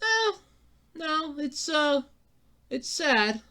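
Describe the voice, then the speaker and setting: A solo podcast host ranting about gaming news, emphatic and profane. They repeat and restart when worked up, and swing between low mutters and loud outbursts. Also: very animated, extremely slow.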